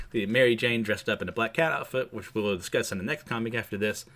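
A man casually recapping a comic book issue, chatty and quick to laugh, with many fillers. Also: lowish voice, a bit bright.

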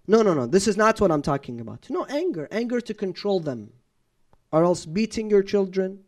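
A man preaching a sermon in a conversational way, asking rhetorical questions, repeating "no, no, no" for emphasis and dropping in Arabic religious terms. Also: high-pitched. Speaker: Islamic preacher. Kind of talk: sermon lecture.

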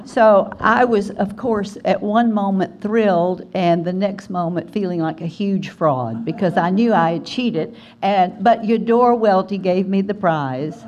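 An older woman from Alabama, telling an animated story as a guest speaker at a writers conference. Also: medium pitch, unhurried, few pauses. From Alabama, USA. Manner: animated storyteller, acts out quoted voices. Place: conference hall.

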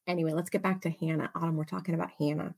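A woman leading a casual Bible study, reading scripture aloud with expressive emphasis and chatty asides. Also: low-pitched, very fast, creaky, slightly rough. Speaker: Bible teacher.

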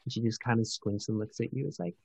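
A man's voice: medium pitch, steady tone, fast, gravelly, a little mellow, breathy edge, no room sound. A man narrating a tabletop game as game master, describing scenes with many hesitations.

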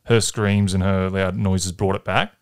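A man's voice: deep voice, steady tone, unhurried, creaky, clean tone. A man, co-hosting a podcast, telling a grim story in a rambling, jokey way. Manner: rambling, jokey retelling with acted quotes. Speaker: podcast co-host. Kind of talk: casual chat, storytelling.

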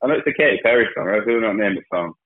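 A man's voice: fairly low pitch, lively intonation, very fast, no echo, narrow, tinny audio. A man co-hosting a podcast, laughing and easily amused in casual chat. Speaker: podcast co-host.

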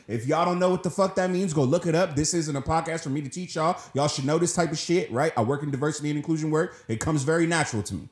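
A man's voice: on the high side, fast talker, hardly any pauses. A man co-hosting a podcast, ranting with passion and swearing freely in a heated discussion. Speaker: podcast co-host. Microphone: studio podcast mic. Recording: echoey room.

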